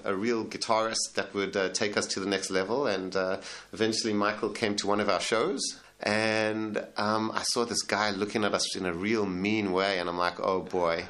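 A tribute band's leader and singer fields interview questions hesitantly, full of fillers and restarts. His voice is on the low side with a slightly bright edge.

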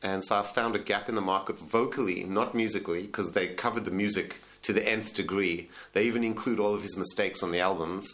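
A man's voice: on the low side, fairly even intonation, fairly quick, hardly any pauses, a bit bright. A man, a band leader answering interview questions in a hesitant way, with many fillers and restarts. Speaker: tribute band leader and singer.

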